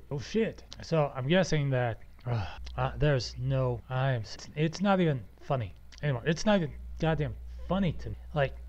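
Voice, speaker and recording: A man's voice: medium pitch, lively intonation, moderate pace, a little mellow. A young man ranting furiously at his computer, swearing constantly and stammering as he repeats words. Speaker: podcaster. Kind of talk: angry rant. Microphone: computer voice recorder. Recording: muffled lo-fi home recording.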